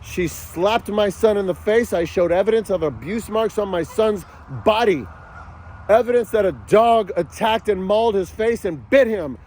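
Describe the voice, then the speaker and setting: A man ranting angrily to camera, yelling and cursing in a furious outburst. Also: high-pitched, animated, moderate pace, slight background noise. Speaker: father vlogging about a custody battle. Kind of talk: angry outdoor rant to camera.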